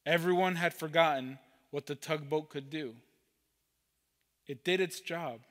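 Pastor guy telling a story in church, really slow, bit high voice, lots of echo. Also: fairly bright tone. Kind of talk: sermon storytelling. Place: church sanctuary.

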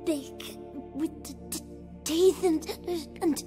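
A woman's voice: high voice, darkish tone, long reverb tail, faint music behind. A woman voicing a terrified young boy who stammers and halts through his words. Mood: frightened. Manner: stuttering, halting, shaky.

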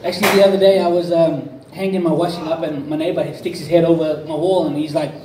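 Man, stand-up comic, high voice, deadpan self-mocking jokes, echoey room, distant mic, noisy. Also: quick pace. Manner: deadpan self-deprecating one-liners. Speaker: stand-up comedian. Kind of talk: stand-up set of one-liners. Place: comedy club stage.

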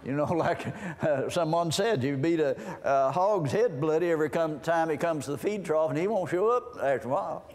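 Man, preacher, folksy sermon, reads scripture then explains it, slightly high voice, long hall reverb. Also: brisk, hardly any pauses, darkish tone.

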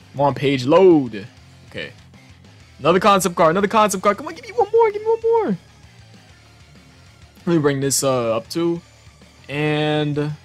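Young male gaming host, raised pitch, profane and excitable, reacting casually with faint guitar music behind him. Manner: excitable, profane, laughs often.

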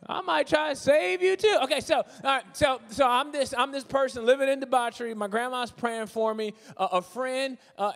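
Guy with a high voice preaching, jokey and animated, doing little voices, big church echo. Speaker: guest preacher. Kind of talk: humorous conversational sermon. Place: large church sanctuary. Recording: long hall reverb from a church.

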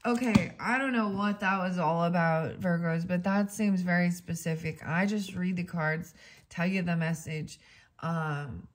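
A woman's voice: fairly low pitch, measured pace. A woman giving a casual tarot reading to her viewers, chatting and thinking aloud as she reads passages from a book. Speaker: tarot reader.

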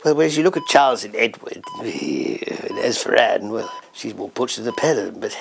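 A man's voice: on the low side, lively intonation, normal speed, a crowd in the background. A man doing an impression of an elderly, dying prince consort who grumbles and grunts bluntly in a satirical sketch. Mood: grumbling. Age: older. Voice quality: gravelly, mumbling grunts. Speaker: impression of a royal.

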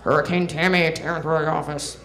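A woman's voice: deep voice, steady tone, fairly quick, a bit bright, faint music behind. A young adult woman performing a stand-up comedy set on a club stage, sarcastic and putting on voices for the people in her stories. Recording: roomy club sound.

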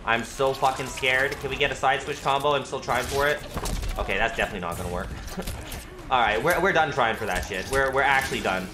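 A man streaming a fighting game live, talking to his viewers, thanking them for likes, and swearing and shouting when he gets hit. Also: medium pitch, brisk, noisy background. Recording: roomy with game music behind.

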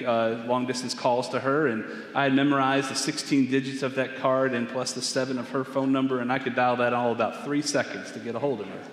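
A man in his forties, a pastor, reading scripture and then telling stories in a relaxed, hesitant way during a sermon. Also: medium pitch, a little hiss or hum. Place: church sanctuary. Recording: long reverb of a church hall.

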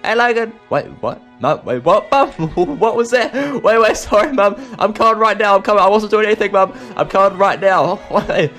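Brief: young Aussie bloke, higher voice, bubbly role-play host, faint music bed. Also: male voice, normal speed, hardly any pauses. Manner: excitable, chatty, lots of laughs. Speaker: video host. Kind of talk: improvised game role-play.

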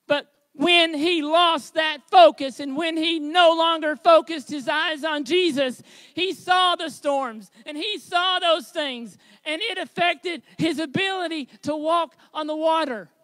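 A man preaching a sermon as pastor, with a high tenor voice, earnest and building to shouted exhortation. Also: measured pace, no echo.

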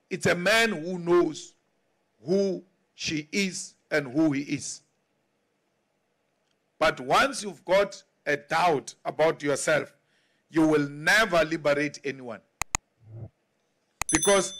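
A man in his forties with a South African accent, a party leader giving a political speech in slow, emphatic oratory that now and then rises to a shout. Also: sits high, vocal fry. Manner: mocks others in acted quotes. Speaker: party leader addressing members.

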